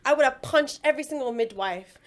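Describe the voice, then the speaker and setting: A woman's voice: high voice, quick pace, a little hiss or hum. A young woman with a British accent, a midwife guesting on a podcast, telling personal stories in casual chat and acting out what she said back then. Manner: animated storytelling, acts out her own past lines.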